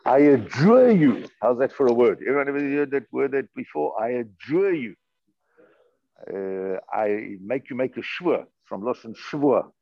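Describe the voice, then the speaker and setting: Man w giving an online torah shiur, gravelly husky voice, lively up and down, dull lo-fi audio. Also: mid-range voice, dry recording. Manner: explains texts, chants Hebrew verses slowly, mixes Yiddish terms. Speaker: Torah teacher. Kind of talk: Torah class, online lecture. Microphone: computer mic, online class.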